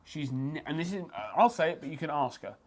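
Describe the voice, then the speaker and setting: A man with a slightly raised pitch chats on a podcast. He is blunt and honest and swears without a second thought. He tells his stories with lively energy. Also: brisk, background noise. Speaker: guest fight photographer. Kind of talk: casual podcast chat. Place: martial arts gym.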